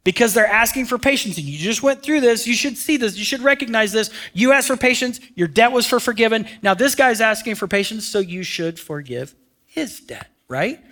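Animated man preaching a sermon. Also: high voice, moderate pace. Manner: animated, drops to a hush on key phrases; conversational, asks the audience questions. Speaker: pastor.

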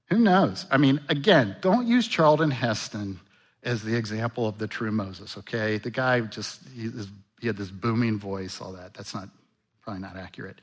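Bright-voiced male pastor preaching. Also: medium pitch, moderate pace. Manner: animated, acts out Bible voices, rhetorical questions. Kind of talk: sermon.

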